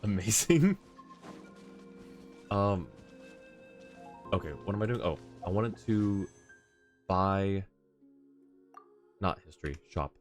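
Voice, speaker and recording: A man's voice: low voice, slow, pauses often, soft background music. A man streaming a video game live, giving chatty, rambling commentary and laughing often.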